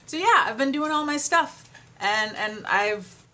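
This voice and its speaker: A woman's voice: sits high, lively intonation, measured pace, sharp tone. A young adult woman vlogger in casual chat, rambling with fillers and trailing off, sounding tired.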